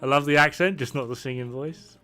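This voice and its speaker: A man's voice: mid-range voice, a little fast, pushed and bright, clean tone, soft background music. A man chatting casually while he plays a game, rambling and laughing often. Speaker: gaming streamer. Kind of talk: casual chat while gaming.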